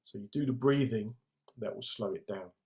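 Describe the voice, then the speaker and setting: A man's voice: fairly low pitch, normal speed, warm tone. A middle-aged man with a London accent, a comedian hosting a casual livestream in a jokey, laddish way and reading out viewer comments. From England.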